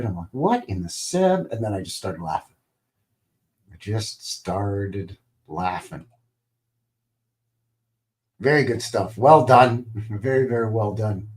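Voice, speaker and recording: Speaking at medium pitch with a darkish tone, a Canadian livestream host keeps up relaxed live-show chatter. His talk is rambling and eager, punctuated by frequent chuckles.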